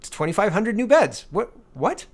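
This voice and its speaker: Man, thirties, from canada, higher-pitched, exasperated, sarcastic, solo commentary host. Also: very animated, moderate pace.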